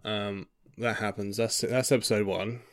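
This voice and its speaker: A young man with a fairly low voice talks in a relaxed, meandering way. His casual chat wanders from point to point, and he swears freely. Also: measured pace. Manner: rambling, laid-back, swears freely. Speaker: vlogger.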